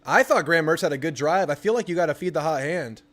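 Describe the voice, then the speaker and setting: A young man hosting a live football watch party, chatting casually about the game and bursting into excited yelling at the TV on big plays. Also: on the high side, fast. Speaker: sports channel host.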